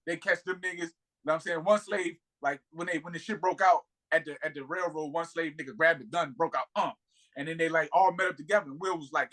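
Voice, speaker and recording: A podcast host tells a movie story in a loose, profane rush, full of fillers and asides. His voice sits a little high and sounds bright and forceful. He talks fast and keeps the energy up. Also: fairly even intonation. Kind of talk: casual chat, retelling a movie.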